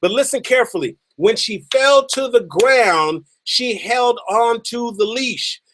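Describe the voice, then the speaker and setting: A man giving a motivational talk as a story, emphatic and repeating phrases for effect, slowing down on key lines. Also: very high voice, expressive, a bit bright, a little hiss or hum. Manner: slows down and stretches key lines for drama. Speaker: motivational speaker.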